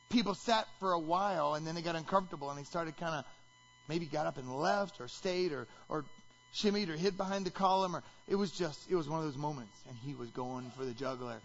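Male pastor, high lively voice, preaching with bursts of shouting; dull lo-fi sound. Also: fairly quick. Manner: animated, shouts when acting out quotes. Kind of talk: sermon.

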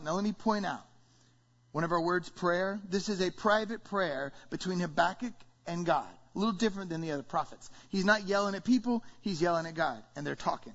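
High-voiced man preaching an animated sermon. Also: fairly quick. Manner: animated, acting out the congregation's complaints. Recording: dull lo-fi recording.

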